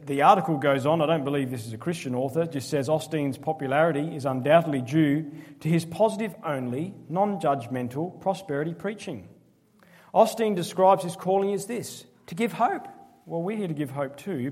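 A man preaching a sermon, emphatic and measured, with dry sarcastic asides. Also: a little high, animated, darkish tone, long reverb tail.

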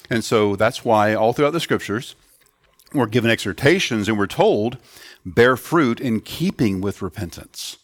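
A man's voice: on the low side, dry recording, clean studio sound. A man preaching a sermon to children and adults in an earnest teaching tone, putting questions to the children. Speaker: pastor.

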